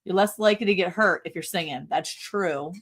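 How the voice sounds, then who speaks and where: A woman's voice: fairly low pitch, fairly quick. A middle-aged woman co-hosting a casual livestream, giggling often and reading viewer comments aloud. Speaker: livestream co-host.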